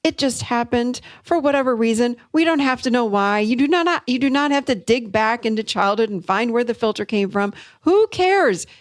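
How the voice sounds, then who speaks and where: A middle-aged woman hosting a podcast, telling a coaching story in an upbeat, animated way. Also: on the high side, normal speed, hardly any pauses, no room sound. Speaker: podcast host and therapist. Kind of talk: solo teaching talk.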